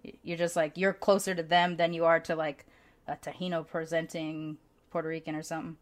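A woman's voice: sits low, little pitch movement, fairly quick. A woman in casual chat, telling personal stories candidly and with animation, laughing often and swearing freely.

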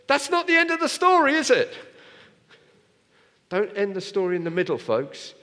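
A man delivering a sermon with a fairly high voice that swings widely up and down. He presses his listeners with rhetorical questions and plain, direct appeals. His words ring out with a long reverb in a church. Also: normal speed. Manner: animated, rhetorical questions to the congregation. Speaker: preacher.

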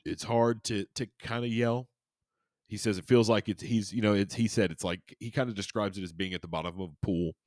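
A man's voice: lowish voice, steady tone, fairly quick, a little mellow, dry recording, studio quality. A man hosting a podcast, reading aloud and chatting in a rambling, jokey way with many restarts and crude asides. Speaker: podcast host. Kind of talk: casual chat and reading aloud.

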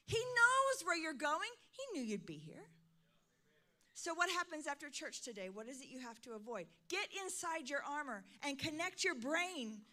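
A middle-aged woman pastor preaching a sermon, swinging from soft, intimate lines to loud, emphatic calls. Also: sits high, sing-song, normal speed.

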